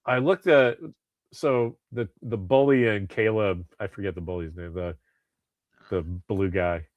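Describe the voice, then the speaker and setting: A podcast co-host with a lowish voice speaks at a measured pace and fairly even intonation, with no echo. His casual chat rambles, full of restarts and swearing.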